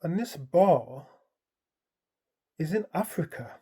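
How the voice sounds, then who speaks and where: Man, mellow warm voice, casual dream storytelling, rambling, lots of fillers. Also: fairly high pitch, slow, slightly rough. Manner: rambling, animated retelling full of "like" and "um"; colloquial, storytelling present tense. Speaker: dream vlogger.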